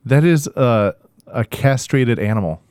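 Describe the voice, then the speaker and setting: A man's voice: medium pitch, expressive, unhurried, a little mellow, clear, resonant tone, dry recording, clean studio sound. A man co-hosting a podcast in casual chat, adding laid-back asides. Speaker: podcast co-host.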